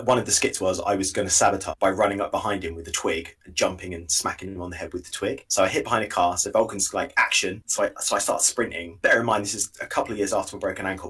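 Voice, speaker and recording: A young man co-hosting a podcast, telling stories in animated, casual chat and laughing at his own mishaps. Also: sits low, breathy edge, recorded from a distance. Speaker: podcast co-host.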